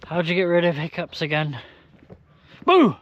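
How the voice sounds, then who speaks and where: Tipsy male vlogger outdoors, hiccuping, self-mocking ramble at a slow, dragging pace, mid-range voice, handheld camera. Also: medium pitch, animated, a little mellow, highs cut off. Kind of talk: casual vlog monologue. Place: outdoors at a campsite.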